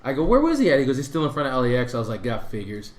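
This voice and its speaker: A man's voice: medium pitch, racing, echoey room, crowd noise. A man co-hosting a podcast, telling a story in casual chat and acting out the voices of the people in it. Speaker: podcast co-host.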